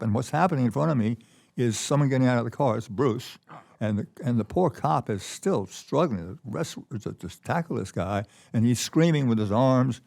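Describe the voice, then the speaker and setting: An older man, a guest keynote speaker on a conference stage, tells stories conversationally, rambling and restarting often. His mid-range voice has a darkish tone and some vocal fry.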